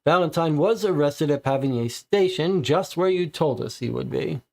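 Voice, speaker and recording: A man's voice: on the high side, expressive, moderate pace, vocal fry, a little mellow, pitched above the performer's own voice. A man doing a stern police major. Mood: pressing. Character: stern male police major questioning a suspect. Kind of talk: read-aloud case file role-play.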